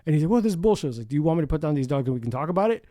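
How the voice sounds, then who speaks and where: A man's voice: on the high side, racing, warm tone, no room sound, studio quality. A man hosting a podcast in casual chat, swearing freely, laughing often and acting out the voices of people in his stories. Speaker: podcast host.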